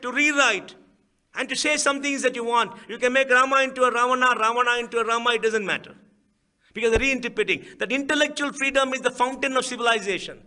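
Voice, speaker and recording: A man's voice: extremely high pitch, pushed and bright. A middle-aged man with an Indian English accent, giving an emphatic public speech in a lecture hall, full of rhetorical questions and repeated phrases. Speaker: guest speaker.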